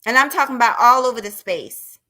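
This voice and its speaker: A woman in unloads a heated rant on her live stream. Her voice is bright and a touch high, and she is blunt and profane. She is confrontational, talking straight at her audience. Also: expressive, a little fast.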